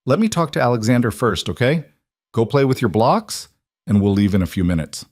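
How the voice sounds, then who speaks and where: A man voicing a tender, anxious young mother who speaks softly and hesitantly in a narrated romance story. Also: medium pitch, big pitch swings, fairly quick, no echo, clean studio sound, close to an everyday voice. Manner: soft, emotional, hesitant.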